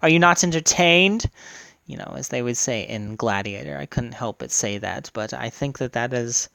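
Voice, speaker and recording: A man talking to his camera in a frustrated, halting rant, often stumbling and repeating words. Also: mid-range voice, fairly even intonation, vocal fry, dry recording. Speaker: YouTuber.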